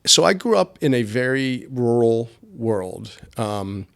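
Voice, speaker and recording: A man's voice: mid-range voice, big pitch swings, slow pace, gravelly, clear, resonant tone. A middle-aged man from rural Appalachian Pennsylvania, a podcast guest telling stories in a rambling way, full of fillers and restarts. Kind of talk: casual interview storytelling.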